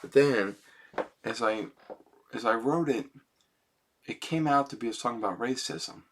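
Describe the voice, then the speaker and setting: A man talking casually into his computer's webcam mic, rambling and self-conscious and often adding "man" and "you know", then quietly reciting his own song lyrics. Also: medium pitch, a little slow, a little hiss or hum. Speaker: amateur songwriter.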